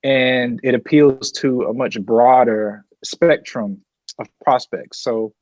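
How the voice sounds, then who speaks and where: A man speaking as a panelist in a discussion, measured and reflective, with some fillers. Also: mid-range voice, dry recording, rough recording.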